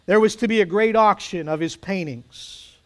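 A man preaching a sermon, telling a story with dramatic pauses and soft emphasis. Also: high-pitched.

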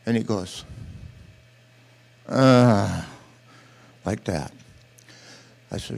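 An older man speaking from a church platform, telling a folksy, animated story with quoted dialogue in a sermon. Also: on the low side, very slow, vocal fry, pauses often, breathy edge. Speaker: pastor or missionary speaker.

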